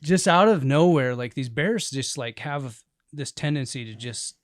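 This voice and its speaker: A man co-hosts an outdoors podcast and tells a hunting story in a loose, animated way. He rambles and laughs often. His voice sits at an ordinary pitch, recorded dry and close. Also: measured pace, dry recording. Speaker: podcast co-host and bear hunter. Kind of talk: casual storytelling chat. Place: indoors in a cabin.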